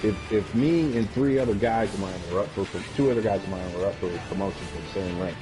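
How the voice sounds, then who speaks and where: A man's voice: low voice, fast, over music, rough recording. A man, an Army veteran, telling a blunt, heavily profane story casually on a live game stream.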